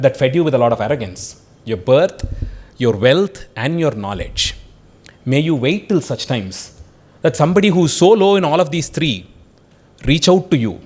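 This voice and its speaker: A stern assembly of gods pronounces a curse and sets its terms in a man's telling. The delivery is solemn and judging, fairly high and swinging in pitch. It is spoken with vowels. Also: darkish tone.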